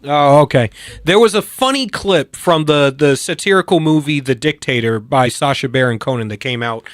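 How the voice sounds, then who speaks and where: A man's voice: fairly high pitch, moderate pace, dry recording, clean studio sound. A man hosting a political interview, talking casually and with animation, sometimes slipping into mimicked voices. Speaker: show host.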